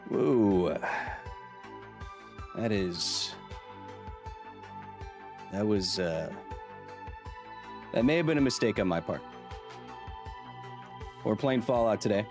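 A man's voice: lowish voice, animated, slow, pauses often, music in the background. A man in his thirties hosting a casual live gaming stream, joking around and reading chat aloud. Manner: playful, jokey, reads chat aloud. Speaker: streamer, science communicator.

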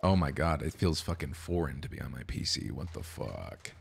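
Hoarse, gravelly man streaming casually. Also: a bass voice, a little fast. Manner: laid-back, swearing, chatting to viewers. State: hoarse from a cold. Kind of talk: casual live-stream chat while gaming.

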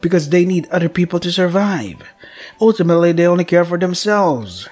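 A man voicing a cold, controlling mother in a game, speaking slowly in a low, stern, lecturing way. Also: lively intonation, a little mellow, soft background music. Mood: coldly lecturing. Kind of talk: voicing a visual novel character.

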